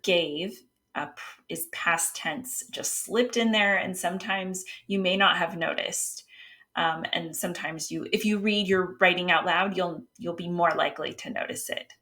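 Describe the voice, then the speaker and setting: Woman with a somewhat low voice teaching writing. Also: pushed and bright. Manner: explains patiently, with some fillers and restarts; reads example passages aloud. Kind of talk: casual instructional talk.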